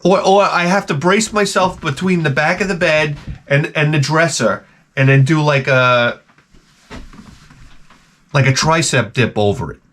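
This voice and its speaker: This man's voice sits a little high, and he talks at a measured pace. Hosting his own retro game channel, he delivers a rambling comic rant, animated and profane, full of swearing and stammered restarts.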